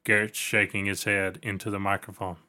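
A man's voice: fairly low pitch, level tone, brisk, bright, forceful tone, clean tone. A man hosting a podcast, chatting loosely and joking his way through sponsor reads. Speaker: podcast host. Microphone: podcast microphone.

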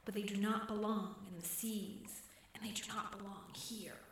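A strange female creature of the water speaks in a breathy hiss, slow and hushed, as if from a distance, put on by a woman reading a story aloud. She sounds eerie and otherworldly in a spoken storybook. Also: mid-range voice, fairly even intonation, heavy reverb, close to an everyday voice. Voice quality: breathy, hissing.

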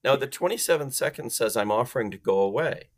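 A man's voice: medium pitch, expressive, fast talker. A man talking as a guest expert on a sales podcast. He explains things emphatically and acts out phone calls in different voices.

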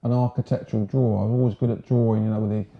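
A man's voice: on the low side, little pitch movement, racing. A man in his sixties from Sussex, England, a former marine telling his story in a casual, frank, rambling way. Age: 60s. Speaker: guest, ex-marine. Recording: roomy, dull lo-fi sound.

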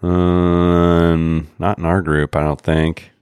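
A man co-hosting a podcast, chatting casually in a rambling, halting way with lots of pauses. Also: low-pitched, level tone, darkish tone, smooth, dry recording, studio quality. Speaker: podcast co-host. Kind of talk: casual chat.

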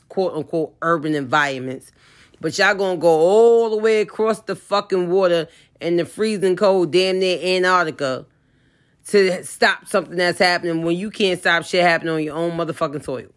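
A woman ranting in a profane, comedic way, with her voice jumping high and loud in heated outbursts. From New York.

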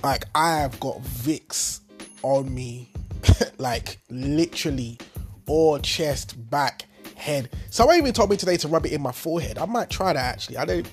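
A man from the Caribbean with a bad cold, telling a rambling, animated story in a casual, slangy vlog from his bed. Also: on the high side, normal speed, faint music behind. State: sick with a cold. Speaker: vlogger. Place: in bed at home.

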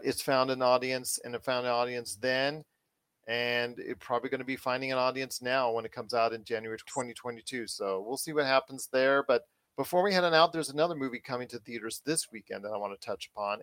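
A man's voice: mid-range voice, fairly bright tone, no echo. A man hosting a pop culture podcast, chatting casually and stressing his points with repetition. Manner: chatty, emphatic, repeats points. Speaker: podcast host.

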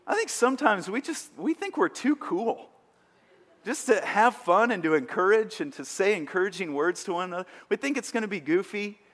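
A man's voice: sits high, animated, normal speed, fairly bright tone. A man preaching a sermon as pastor, earnest and emphatic, with rising bursts of energy. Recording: long hall reverb.

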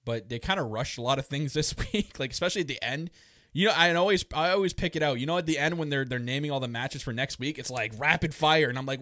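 A man talks through the week's wrestling in loose, animated podcast chat. He laughs constantly and acts out what the wrestlers said. His voice sits at a middling pitch and is recorded close and dry. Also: quick pace, no room sound. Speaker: podcast co-host. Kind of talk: casual wrestling recap chat.

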